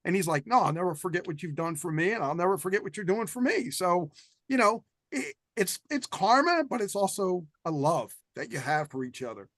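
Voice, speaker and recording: A man with a fairly high voice speaks in a dry, close sound with no room echo. He chats casually on a panel, telling anecdotes and retelling what others said. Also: animated, fairly quick, a bit bright. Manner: anecdotal, quotes others in conversation. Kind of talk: casual chat.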